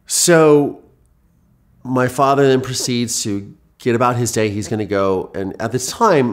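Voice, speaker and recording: Low-voiced man telling a personal story. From Ohio, USA. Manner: earnest, vivid retelling with restarts. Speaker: guest.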